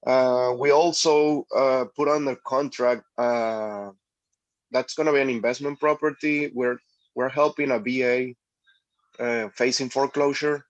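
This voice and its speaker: Man agent, slow and halting, dry lo-fi call sound. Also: medium pitch, steady tone, dry recording. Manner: halting, many fillers. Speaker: real estate agent. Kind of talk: casual video call update. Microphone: video call. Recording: dry, dull lo-fi call audio.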